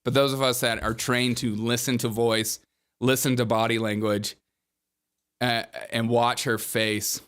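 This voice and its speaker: A man's voice: mid-range voice, flat delivery, measured pace, fairly bright tone, clear, resonant tone. Chatty podcast host man, often laughing. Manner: chatty, laughs between points, mocking. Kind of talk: opinionated casual commentary.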